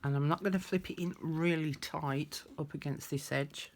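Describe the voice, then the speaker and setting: A woman's voice: low voice, fairly even intonation, moderate pace. Lady doing a chatty crafting tutorial, talks thru each step, bit of hiss behind. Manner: chatty, thinks aloud while working.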